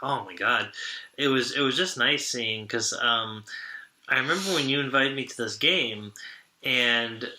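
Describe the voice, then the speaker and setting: A young man co-hosts a casual sports podcast, telling stories in a loose, rambling way full of restarts and laughter. His voice is very bright and forceful. The room around him sounds echoey. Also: mid-range voice, a little slow. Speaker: podcast co-host.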